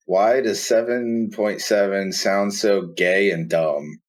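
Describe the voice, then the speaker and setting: A man co-hosting a podcast, reading out listener questions in casual chat. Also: fairly low pitch.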